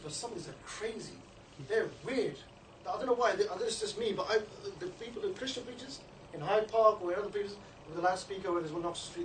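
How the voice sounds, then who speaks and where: Fast-talking man, high voice, echoey room. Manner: chatty, with frequent "you know" and "yeah?" checks. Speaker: street outreach trainer. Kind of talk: informal training talk to a group. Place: indoor meeting room. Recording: low-quality recording, distant mic in an echoey room with background noise.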